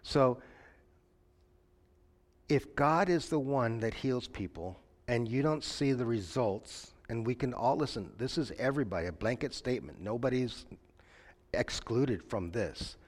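A man's voice: mid-range voice, expressive, unhurried. A man preaching an interactive sermon. He questions his listeners, asks them to call out answers, and tells stories with acted-out voices. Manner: questions the audience and invites answers. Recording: long hall reverb.

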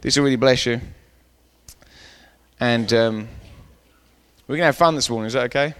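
A man preaching a sermon as a pastor, jovial and halting with many fillers, reading scripture aloud. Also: mid-range voice, fairly bright tone, clear, resonant tone. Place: church hall. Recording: long hall reverb.

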